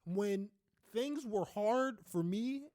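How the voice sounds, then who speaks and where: A young adult man co-hosting a podcast in casual chat, speaking candidly and swearing freely, often ending lines with "right?" and rising into loud animated rants. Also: high-pitched, takes it slowly, dry recording, clean studio sound. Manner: rises into loud animated ranting. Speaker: podcast co-host.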